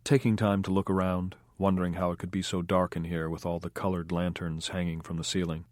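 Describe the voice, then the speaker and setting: A man reading an audiobook in measured scripted narration. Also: sits low, little pitch movement, a little mellow, no echo, studio quality.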